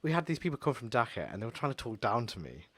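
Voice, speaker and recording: A young English man co-hosting a casual podcast, blunt and sweary, telling animated stories. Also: medium pitch, quick pace, husky. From England. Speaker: podcast co-host. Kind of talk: casual chat.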